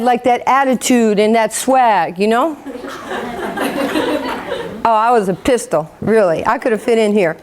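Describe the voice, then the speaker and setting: Woman in her 50s from new york, fired-up storytelling talk, fairly high voice, jokes at her own expense. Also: measured pace, long pauses, noisy background. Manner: animated, acts out quotes, self-mocking humor. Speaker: motivational speaker. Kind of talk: motivational storytelling speech.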